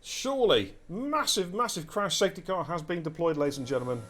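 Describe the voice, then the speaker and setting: A man giving live commentary on an online racing league, excitable and chatty, talking straight to his viewers. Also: on the high side, brisk. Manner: excitable, chatty, addresses chat directly. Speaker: race commentator and streamer. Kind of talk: live esports race commentary.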